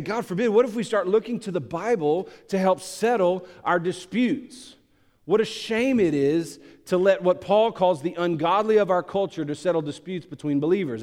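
A male pastor preaching a sermon, swinging from loud, emphatic peaks to hushed, low asides. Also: long reverb tail.

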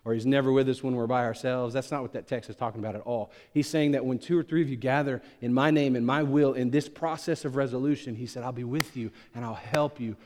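A male pastor preaching a sermon, swinging from loud, emphatic peaks to hushed, low asides. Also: steady tone, fast, few pauses, big-room sound.

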